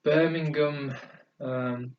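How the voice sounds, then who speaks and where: A man's voice: fairly high pitch, steady tone, very slow, slight background noise. Man, podcast host, rambling casual chat, distant from mic, dull muffled sound. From North of England. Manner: rambling, hesitant storytelling with many fillers.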